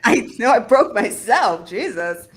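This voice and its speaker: A woman hosting a casual chat show, animated and exclaiming, often laughing. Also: fairly high pitch, a little slow. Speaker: podcast host reading fan fiction.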